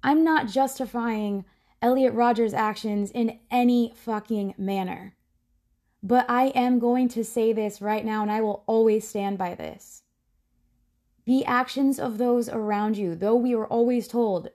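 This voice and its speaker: A woman's voice: a little high, a little slow, dark tone. A woman hosting a casual true-crime podcast, talking bluntly, swearing freely and breaking off into frank personal asides. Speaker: podcast host.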